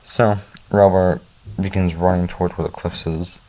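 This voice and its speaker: Deep-voiced man casually recapping a story. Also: steady tone, normal speed, mellow. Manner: casual, chatty, with offhand asides and chuckles. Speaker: book reviewer.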